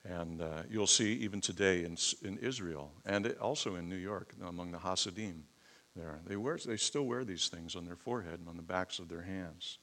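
Lower-voiced man preaching conversationally. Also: fairly bright tone. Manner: conversational teaching with emphatic outbursts. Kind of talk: sermon.

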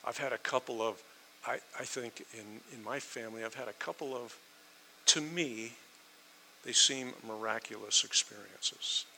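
A man's voice: mid-range voice, normal speed, vocal fry, pushed and bright, a little hiss or hum, rough recording. A middle-aged man preaching a sermon, telling stories with emphasis. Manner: storytelling, emphatic. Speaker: pastor.

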